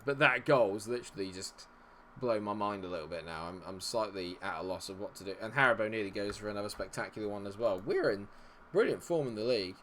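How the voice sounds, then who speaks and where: Brit male streamer, lowish voice, casual chat turning to sweary rants at the game, faint hiss. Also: expressive, quick pace. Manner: swings from chatty to sweary frustration, yelling at players. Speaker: gaming streamer. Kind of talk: live gameplay commentary.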